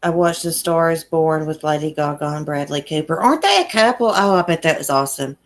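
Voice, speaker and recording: A woman with a deep, low voice and a thick Appalachian country accent, from a small mountain town in Southwest Virginia. She hosts a relaxed livestream, chatting folksily with her viewers and laughing easily. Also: a little fast. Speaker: YouTube livestream host. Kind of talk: casual livestream chat reading comments.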